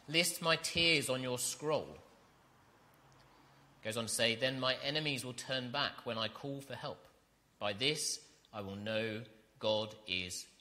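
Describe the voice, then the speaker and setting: A man's voice: mid-range voice, bright, forceful tone. A man preaching an earnest sermon, reading scripture and building to emphatic repetition.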